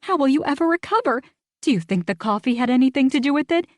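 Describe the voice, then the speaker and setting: Woman putting on a shrill gossipy townswoman. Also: lively intonation, no room sound. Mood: frantic. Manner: breathless, rapid-fire questions. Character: excitable gossipy small-town woman.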